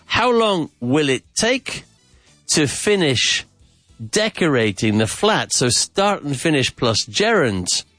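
A man's voice: on the high side, sing-song, slow, a bit bright, dry recording, soft background music. A man hosting a podcast grammar lesson, repeating phrases, drilling questions and dropping in Spanish asides with enthusiasm. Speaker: English teacher and podcast host.

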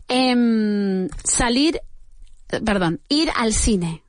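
Woman, English teacher, beginner lesson, slow deliberate repetitions, switching, dry close sound. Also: on the high side, big pitch swings, dry recording. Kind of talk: beginner English lesson, drilling example sentences.

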